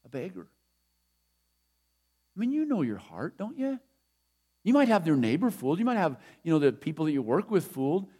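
High-voiced, emphatic middle-aged male pastor. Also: very animated, brisk, warm tone, slightly rough. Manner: conversational, emphatic preaching with repeated phrases. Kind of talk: sermon.

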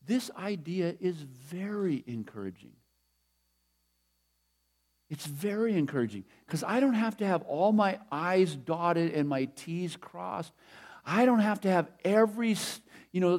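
A man's voice: high-pitched, a little mellow. A middle-aged man preaching a sermon in a conversational, emphatic way, repeating his key phrases. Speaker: pastor.

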